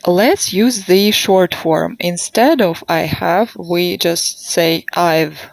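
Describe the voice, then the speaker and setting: A woman gives a demo grammar lesson, speaking at a very unhurried pace and drawing out each model sentence for her students to repeat. Her voice sits a little low and is recorded dry and close, with no room sound. She checks answers with short, encouraging prompts. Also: gravelly, no room sound. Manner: slow, deliberate modelling of sentences for repetition. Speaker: English teacher. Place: online class.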